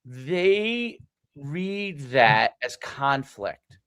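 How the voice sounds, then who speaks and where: A man co-hosting a podcast, speaking haltingly and searching for words with many restarts. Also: medium pitch, very animated, a bit bright, smooth, no echo. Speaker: podcast co-host. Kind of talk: casual podcast conversation.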